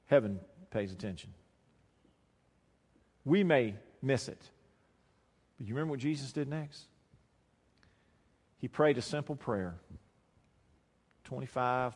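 A man preaching a sermon, swinging between quiet, low passages and loud, emphatic lines. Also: slow pace, long pauses. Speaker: pastor. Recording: long hall reverb.

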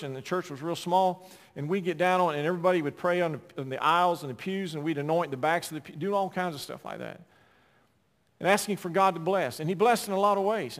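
A pastor preaches to his congregation, his voice sitting a little high for a man. He rises to loud, emphatic cries and drops back to hushed storytelling. A long reverb trails his words through the hall. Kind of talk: sermon.

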